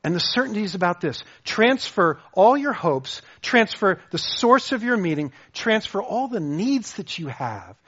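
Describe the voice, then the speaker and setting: A man preaching a sermon, his voice sitting a little high and swinging widely up and down as he works through his points. He often stumbles and repeats words while restarting a thought. The recording sounds muffled and lo-fi. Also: very animated, measured pace, hardly any pauses, fairly bright tone, husky. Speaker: pastor. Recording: dull lo-fi sound.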